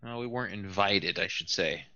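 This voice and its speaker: A man's voice: low-pitched, normal speed, creaky, bright, forceful tone. A man playing in a tabletop game, speaking in character in a cautious, hesitant way. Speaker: player. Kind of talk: in-character tabletop role-play. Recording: dull, lo-fi mic.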